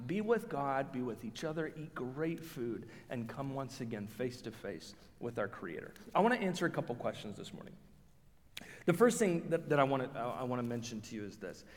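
A man preaching a sermon as pastor, telling stories in a lively way and acting out the voices of the people he quotes. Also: a little high, big-room sound. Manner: animated storyteller, acts out quoted voices, self-restarting.

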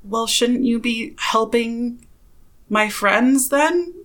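A woman's voice: on the high side, very slow, a bit bright, voice pushed up. A woman voicing a blunt, wary young adventurer who pushes with hard questions. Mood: pushy.

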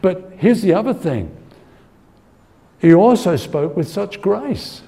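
A man's voice: high voice, very animated, slow, gravelly, mellow. A man teaching a conversational Bible-study sermon. He talks earnestly, asks his listeners for agreement and repeats words as he thinks. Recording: long hall reverb.

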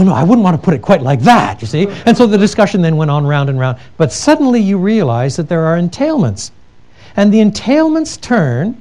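Lively, mellow-voiced man lecturing on theology. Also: on the high side. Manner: earnest, emphatic, with frequent restarts. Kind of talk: lecture with told anecdotes.

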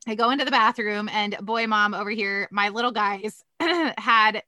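A woman, a mother of three, telling a story in an animated way during a casual faith chat. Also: mid-range voice, normal speed, no echo.

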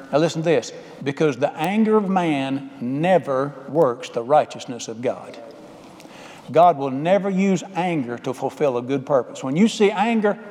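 A man's voice: on the high side, darkish tone. A man preaching a folksy, emphatic sermon, calling out to the congregation for amens. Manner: call-and-response, folksy and emphatic. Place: church sanctuary. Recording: long hall reverb.

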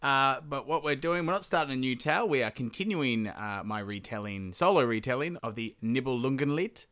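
Lively-voiced man hosting a casual podcast. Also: medium pitch, fairly quick. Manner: chatty, lots of filler "uh"s; irreverent, jokey retelling. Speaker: podcast host. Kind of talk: casual solo storytelling.

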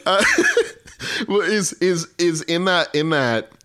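A man's voice: on the high side, slow, a bit bright, clear, resonant tone. A young man co-hosting a casual anime review chat, sarcastic, laughing often and swearing. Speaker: podcast co-host.

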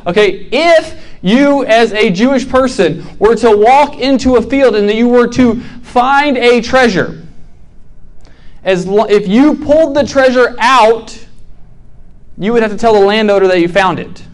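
A young man preaching to college students, telling a parable with lively acted-out voices and lots of "right?" and "like". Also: sits high. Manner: animated storytelling, acts out characters, frequent "right?" and "like". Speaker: campus ministry preacher.

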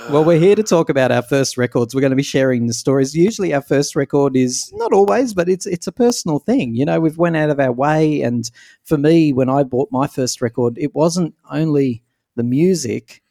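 Brief: teasing Australian podcast host, gravelly tone, dry close sound. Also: male voice, fairly high pitch, normal speed, mellow, no room sound. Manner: teasing, chatty. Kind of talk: casual podcast chat.

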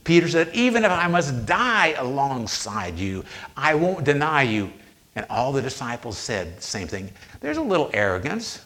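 A man preaching a sermon, retelling scripture with slow, emphatic pauses on quoted lines. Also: mid-range voice, sing-song, fairly bright tone.

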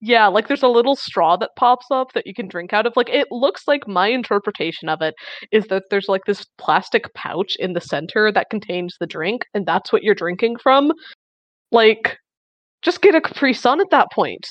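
A woman co-hosting a chatty podcast, wandering through her thoughts with plenty of fillers and wry grumbling. Her voice sits at an ordinary middle pitch. The sound is dry and a little dull, like a lo-fi recording. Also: expressive, moderate pace, no echo. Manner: rambling, many "like" fillers, wry complaints. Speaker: podcast co-host. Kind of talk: casual chat.

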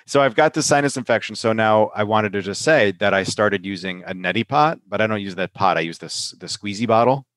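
Low-voiced man, sick and chatty. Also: a little fast, hardly any pauses, fairly bright tone, no room sound. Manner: loose and chatty, keeps tagging "right?", laughs often. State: sick with a sinus infection, run down. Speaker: podcast host and pharmacist. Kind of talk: casual podcast chat.

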